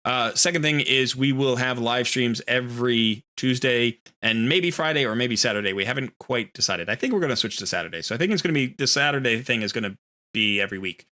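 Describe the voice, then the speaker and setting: A man's voice: medium pitch, lively intonation, a little fast, bright, forceful tone. A man streaming a video game live, talking casually in a rambling, easygoing way and often correcting himself.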